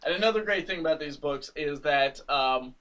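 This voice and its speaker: Animated man recapping a comic. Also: a little high, moderate pace, recorded from a distance, poor audio. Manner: animated, laughs often, acts out characters' lines. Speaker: podcast co-host. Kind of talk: casual chat, recapping a comic.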